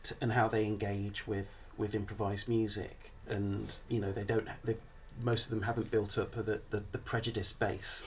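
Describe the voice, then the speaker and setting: A man speaking on a panel, halting and restarting his sentences often. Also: on the low side, little pitch movement, slight background noise. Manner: halting, many restarts and fillers. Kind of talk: panel discussion.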